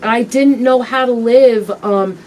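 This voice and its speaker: A woman as an interview guest, telling her personal story candidly in a halting, reflective way with frequent pauses and ums. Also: fairly high pitch, darkish tone, far from the mic, slight background noise.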